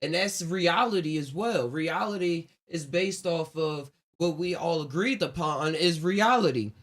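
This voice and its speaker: At a measured pace, a podcast host with a slightly high, somewhat bright voice chats on his solo livestream. He's casual and reflective, rambling loosely and laughing a lot.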